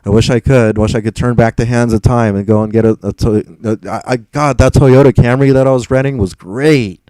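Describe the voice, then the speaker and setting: Young man, live stream chat, frustrated, rambling, stammers, dark mellow tone, smooth and clear. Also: medium pitch, fairly even intonation, a little fast, dry recording, poor audio. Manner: frustrated, rambling, swears, stammers and repeats words.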